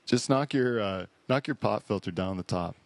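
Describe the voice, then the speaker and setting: A man's voice: lowish voice, normal speed, creaky, no room sound. A man hosting a podcast in casual chat, telling rambling, profane stories and laughing at his own jokes. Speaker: podcast host. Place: studio hall.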